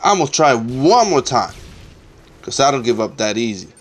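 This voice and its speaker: A man's voice: medium pitch, very animated, moderate pace, slight background noise. A young man giving casual, trash-talking commentary over his own gameplay, swearing often and getting exasperated.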